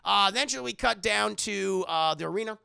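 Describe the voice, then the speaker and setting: A man's voice: sits high, fairly quick, vocal fry, pushed and bright, clear, resonant tone, dry recording, studio quality. A man casually recapping an anime episode, profane and chatty, talking to his chat. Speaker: anime reviewer.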